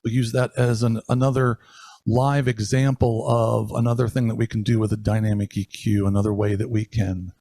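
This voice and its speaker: A man's voice: lowish voice, little pitch movement, normal speed, mellow, no echo, studio quality. A man teaching live sound, casually explaining a mixing console as he talks into a handheld microphone held at varying distances. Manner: casual, rambling with restarts and fillers. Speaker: audio engineer instructor. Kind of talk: live-streamed technical demonstration. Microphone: handheld dynamic mic moved near and far.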